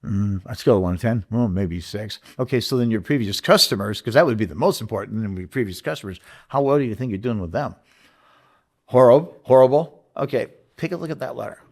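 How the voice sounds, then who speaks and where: This dealership marketing consultant has a husky, lowish voice and speaks animatedly and fast, hardly pausing. As a guest in a relaxed business interview, he earnestly walks through his sales method, restarting often, repeating himself and acting out sales letters.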